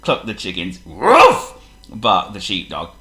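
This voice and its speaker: A man reading a children's story aloud in an expressive, playful way. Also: medium pitch, normal speed, echoey room. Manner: expressive and playful, laughs as he reads.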